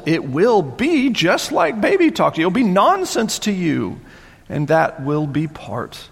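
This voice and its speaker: A man preaching a sermon, animated, voicing the mockers in rising tones. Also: fairly high pitch, vocal fry, slightly rough. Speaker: pastor. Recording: long hall reverb.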